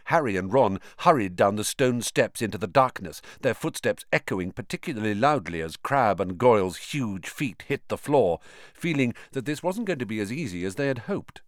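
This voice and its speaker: A man narrating an audiobook in an expressive, animated reading. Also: lowish voice, normal speed, no echo, studio quality. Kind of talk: scripted narration.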